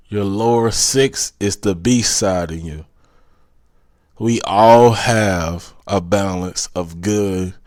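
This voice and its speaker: A man's voice: low-pitched, darkish tone, no room sound, clean studio sound. A man from South Carolina with a Southern accent, hosting a podcast and giving a preachy, motivational monologue that keeps repeating its urgings. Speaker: podcast host.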